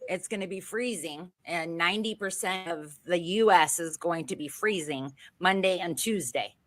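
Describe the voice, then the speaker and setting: A woman's voice: fairly low pitch, normal speed. A woman co-hosting a show, chatting in a bubbly way and rambling through her questions. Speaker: co-host. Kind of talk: casual interview chat.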